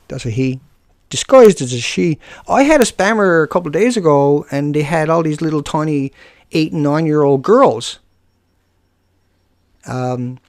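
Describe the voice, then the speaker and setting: A man's voice: fairly high pitch, gravelly, a little mellow, no echo, clean studio sound. A man on a live stream who answers chat and taunts a commenter in a combative, scornful way. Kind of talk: unscripted live stream rant.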